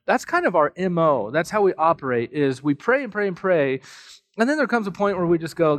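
A man pastor preaching a sermon, telling a personal story in a casual, joking, animated way full of asides. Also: fairly high pitch, a little fast, no echo. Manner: conversational storytelling with self-deprecating humor; animated, with frequent fillers and asides.

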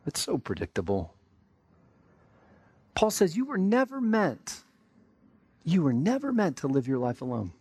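A man's voice: a little high, wildly swooping pitch, unhurried, pauses often, a little mellow, slightly rough, dry recording. An American man preaching a sermon in a conversational way, acting out everyday people's remarks in quotes. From United States. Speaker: pastor.

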